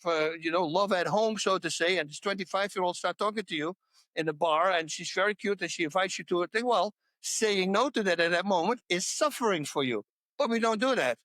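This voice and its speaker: An older man in his sixties talks with animated emphasis as a podcast guest. His voice sits fairly high for a man, and the recording is dry and close. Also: dry recording. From Netherlands. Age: 60s. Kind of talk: casual chat.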